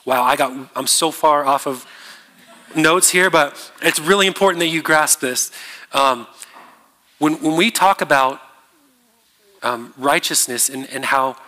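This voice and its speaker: A man preaching a sermon as a pastor, in a conversational, halting way with many fillers and restarts. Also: a little high, bright, forceful tone. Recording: long reverb of a large hall.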